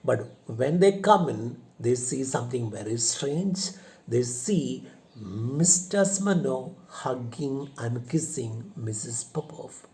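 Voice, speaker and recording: A male teacher reading a play aloud to a class, explaining it and acting out the lines. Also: animated. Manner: slow, acts out lines with rising pitch and loudness.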